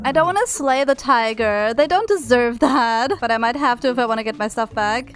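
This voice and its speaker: Bubbly high-voiced woman narrating gameplay. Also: moderate pace, few pauses, a bit bright, faint music behind. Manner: bubbly, breaks into squeals and frightened shrieks; affectionate baby talk to animals. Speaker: gaming video creator.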